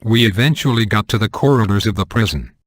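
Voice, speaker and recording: A man reading an amateur comedic horror story, with a deadpan delivery and crude humor. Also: fairly low pitch, quick pace, no room sound, clean studio sound. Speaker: narrator.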